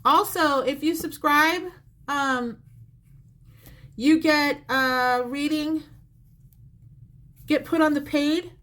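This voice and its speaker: A woman's voice: high-pitched, fairly even intonation, very slow, long pauses, a bit bright. A woman giving a psychic reading on a live stream, talking to the viewer directly in a chatty, repetitive way. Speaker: psychic reader. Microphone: phone or close mic on a live stream.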